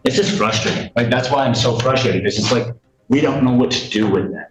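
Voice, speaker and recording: A man's voice: mid-range voice, fast. Agitated guy ranting in court, keeps repeating himself, roomy mic. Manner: indignant, rambling, repeats himself. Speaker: respondent in a court hearing. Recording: echoey courtroom mic, faint noise.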